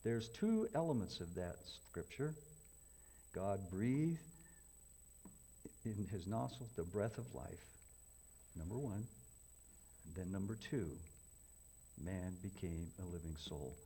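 Low, mellow-voiced man preaching a sermon. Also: expressive, takes it slowly, creaky, pauses often, breathy edge. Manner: dramatic swings from loud emphatic to hushed whispers; folksy, repetitive, addresses congregation as folks.

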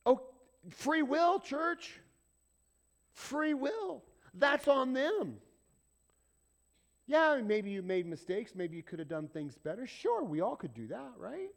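A male pastor with a very high-pitched voice preaches slowly, with big pitch swings and vocal fry. His sermon is conversational and dramatic, moving from loud urging to near-whispers and often questioning the congregation.

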